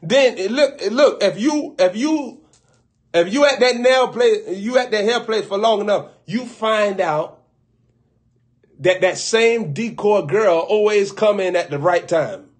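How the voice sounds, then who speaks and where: High-voiced man riffing comedically. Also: measured pace. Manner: animated, laughing often, acting out little scenes. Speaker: preacher. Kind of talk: comedic storytelling riff.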